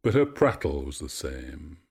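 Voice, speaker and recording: A man narrating a myth in a measured, expressive storytelling voice. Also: extremely low pitch, vocal fry, slightly rough.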